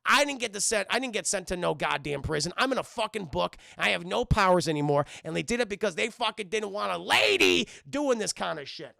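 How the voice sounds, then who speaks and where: Bitter brassy cartoon villainess stuck in a book, swearing, high bright gravelly voice, put on by a man. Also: animated, brisk, few pauses, dry recording, clean studio sound, heavily acted.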